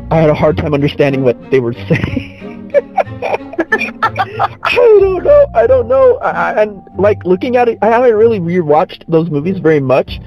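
Chatty male podcast host, laughs easily, slightly high voice, muffled lo-fi sound. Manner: giggly, rambling, frequent laughs. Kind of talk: casual chat.

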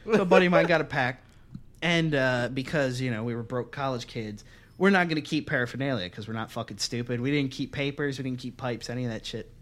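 A man's voice: medium pitch, fairly quick. A young man hosting a podcast, telling a long, profane story in casual chat and acting out what people said. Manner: profane, animated, acts out quotes in other voices. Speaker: podcast host.

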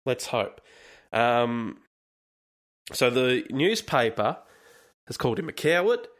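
A man's voice: medium pitch, sing-song, slow, a bit bright. A man hosting a casual solo podcast, commenting on news in a profane, rambling, jokey way. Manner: profane, laughing, wandering commentary. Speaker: podcast host.

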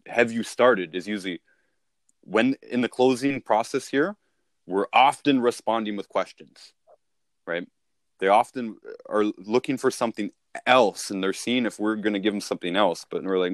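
Low-voiced man coaching on sales. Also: moderate pace, dry recording, clean studio sound. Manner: conversational, repeats himself, restarts. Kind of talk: casual coaching talk.

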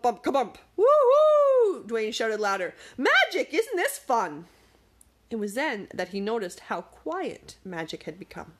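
A woman narrating a storybook with expressive, dramatic pacing. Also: mid-range voice, breathy edge.

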